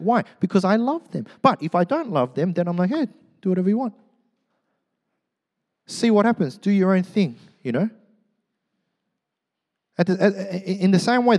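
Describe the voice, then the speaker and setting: Brief: middle-aged male pastor, a touch high-pitched, animated joking sermon, drops to quiet asides. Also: long reverb tail. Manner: animated, joking, swings from loud to hushed. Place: church.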